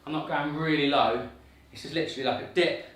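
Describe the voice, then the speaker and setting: Guy leading a workout, kinda high voice, big echo, a bit off mic, a little out of breath. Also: steady tone, fast talker, recorded from a distance, very noisy. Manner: upbeat, encouraging, counts reps aloud. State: slightly out of breath. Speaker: fitness coach. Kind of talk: guided workout instruction. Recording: very echoey room, voice off-mic.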